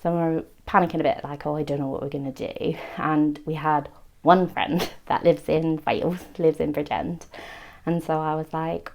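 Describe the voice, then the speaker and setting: Young woman, gravelly voice, chatty, bit low, laughs a lot. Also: little pitch movement, normal speed, a little mellow. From England, outside London. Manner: chatty, laughs often, quotes herself. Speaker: interviewee. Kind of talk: casual testimony chat.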